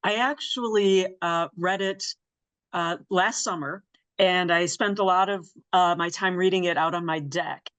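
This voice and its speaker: A woman's voice: fairly low pitch, fairly even intonation, a little slow. A woman hosting an interview, asking questions and affirming the guest often. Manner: warm affirming listener, frequent mm-hmms. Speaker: podcast host and interviewer. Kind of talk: casual interview chat.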